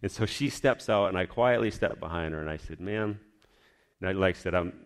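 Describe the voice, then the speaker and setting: A man's voice: deep voice, fast. A man telling a personal faith story in a casual, rambling way, with many restarts. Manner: rambling, restarts often, animated retelling. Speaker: storyteller sharing a personal testimony. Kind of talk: casual spoken testimony.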